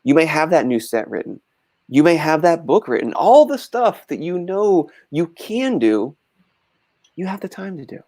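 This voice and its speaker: A man's voice: on the high side, big pitch swings, normal speed, dark tone. A man who is a wellness coach, speaking as a guest on an online talk show, giving earnest advice in a friendly, joking way. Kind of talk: casual chat.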